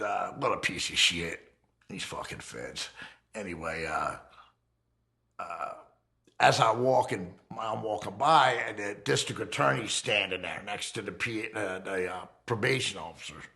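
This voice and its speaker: A middle-aged man in a documentary interview, telling his own story bluntly, full of profanity, and acting out heated confrontations. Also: gravelly. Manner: profane, blunt, re-enacts heated confrontations with swings in pitch and loudness. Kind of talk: unfiltered storytelling in a fireside chat.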